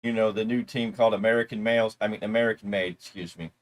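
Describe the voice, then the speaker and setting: A man's voice: lowish voice, steady tone, fast talker. Casual man recapping wrestling. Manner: rambling, loose asides and mocking imitations. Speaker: wrestling show reviewer, co-host.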